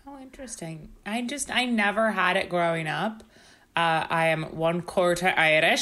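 A woman's voice: fairly low pitch, normal speed, fairly bright tone. A woman co-hosting a podcast in casual chat, joking about herself and speaking candidly. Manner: joking, self-deprecating and candid. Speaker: podcast co-host.

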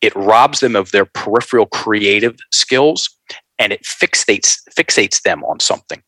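Man, low voice, forceful bright tone, dry close sound, animated folksy storyteller. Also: unhurried, no room sound, poor audio. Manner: lively, folksy, addresses listeners as folks. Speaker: guest.

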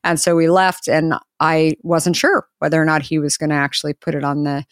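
A woman's voice: deep voice, brisk, dry recording, clean studio sound. A woman, a business founder as interview guest, telling a story with energy and acting out the voices of the people in it. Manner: lively storyteller who acts out quoted voices. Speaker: entrepreneur guest.

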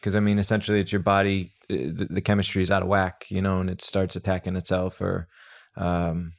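A man's voice: low voice, little pitch movement, fairly quick, vocal fry. A man who teaches breathwork, telling a story in a casual podcast chat, full of restarts and fillers. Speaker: breathwork instructor.

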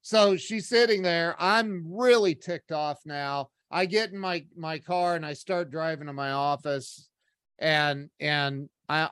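Animated man telling a story. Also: on the high side, no room sound, studio quality. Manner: animated, acts out quoted voices, many restarts. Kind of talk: casual storytelling.

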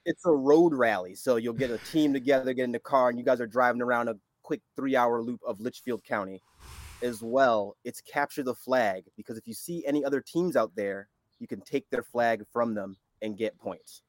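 A man's voice: mid-range voice, moderate pace, no room sound. A man appearing as a guest on a casual podcast, easygoing and upbeat as he promotes his event.

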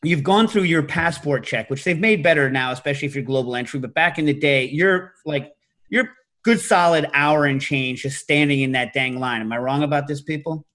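A middle-aged man hosting a podcast, telling stories in a casual, animated way and breaking into loud shouted impressions. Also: on the high side, fairly quick. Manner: animated storytelling, mimics loud New York shouts. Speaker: podcast host. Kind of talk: casual chat.

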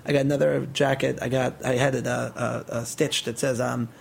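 A Brooklyn-born man in his thirties, a tour guide chatting as a podcast guest, an animated storyteller who slips into exaggerated voices when he quotes people. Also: medium pitch, moderate pace, gravelly. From Brooklyn, New York. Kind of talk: casual podcast interview.

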